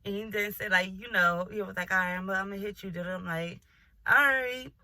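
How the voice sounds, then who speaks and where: A young woman tells a storytime to her vlog audience, animated and profane, and she laughs often. Her voice is bright and sits at a middle pitch. The sound is dry and close, with no room in it. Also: fast talker, no room sound. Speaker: vlogger.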